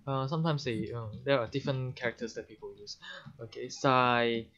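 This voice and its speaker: A man's voice: medium pitch, steady tone, fairly quick, fairly bright tone. A man with a Hong Kong English accent teaching an online language lesson. He explains patiently with many examples and often says "uh-huh". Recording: dull lo-fi recording.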